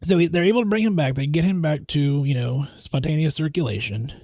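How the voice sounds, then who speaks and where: A man's voice: a little high, brisk, darkish tone, dry recording. A man co-hosting a podcast, discussing a movie in casual chat with a dry, matter-of-fact manner and steering the talk. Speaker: podcast co-host.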